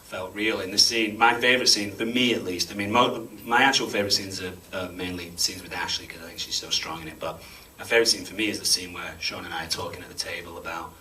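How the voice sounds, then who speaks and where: A very deep-voiced man in his thirties answers audience questions after a screening, chatty and self-deprecating. His tone is bright and forceful. He is caught on a distant mic in a cinema, with a faint hum underneath. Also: steady tone, fast, hardly any pauses. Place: cinema auditorium before an audience.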